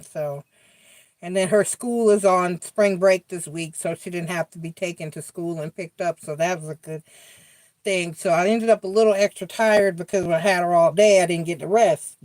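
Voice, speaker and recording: This tarot reader, a middle-aged woman with a fairly low voice, hosts a casual live chat with no echo. She's blunt and chatty, swearing often as she talks straight to the people watching.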